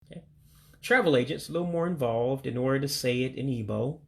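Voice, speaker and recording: A man from the United States leading a casual vocabulary lesson, slowly and carefully repeating foreign words and explaining them plainly. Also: medium pitch, gravelly, fairly bright tone. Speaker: language learner teaching vocabulary.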